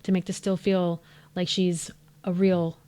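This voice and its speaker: A woman's voice: fairly low pitch, little pitch movement, a little slow, mellow, smooth. Chatty woman breaking down visuals. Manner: enthusiastic, chatty, with fillers and asides. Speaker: 3D artist reacting to a music video. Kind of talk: casual commentary and breakdown.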